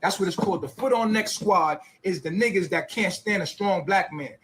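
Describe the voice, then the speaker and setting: A man in a heated, profane and boastful rant, talking loudly. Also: high-pitched, moderate pace, a little hiss or hum. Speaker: clip subject.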